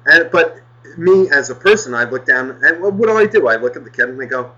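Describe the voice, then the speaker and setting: Bright-voiced man ranting profanely. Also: a little high, expressive, fairly quick, highs cut off. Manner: profane, exasperated, heavy swearing. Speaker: podcast co-host. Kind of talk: casual storytelling rant.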